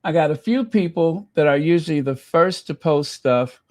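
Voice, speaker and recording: A man hosting a live stream, gushing excitedly to his viewers. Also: a little high, normal speed, no room sound, clean studio sound. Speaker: channel host.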